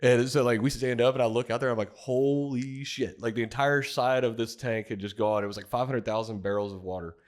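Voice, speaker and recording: A man's voice: medium pitch, steady tone, fast talker, few pauses. A man co-hosting a casual podcast, telling rambling work anecdotes and acting out what other people said. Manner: rambling anecdotes, acts out quoted voices, laughs readily. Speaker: podcast co-host, former frac field worker. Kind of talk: casual storytelling chat.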